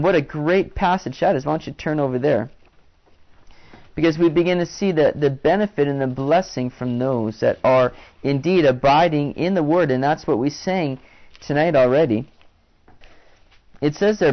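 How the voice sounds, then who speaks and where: A man delivering a sermon in an easygoing, conversational way. His voice sits a little high, and he often restarts phrases. The recording sounds dull and lo-fi. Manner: conversational preaching with frequent restarts and fillers. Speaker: pastor.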